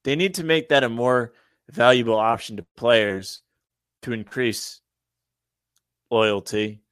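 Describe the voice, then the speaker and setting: A man co-hosting a casual sports podcast, animated and emphatic, often repeating himself. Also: medium pitch, slow pace, smooth, no room sound, clean studio sound. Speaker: podcast co-host.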